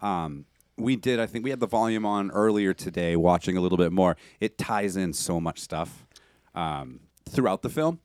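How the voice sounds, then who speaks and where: A man's voice: deep voice, normal speed, a little mellow, clean tone, no room sound, studio quality. A man co-hosting a podcast, chatting casually in short agreeable remarks. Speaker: podcast co-host. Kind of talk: casual chat.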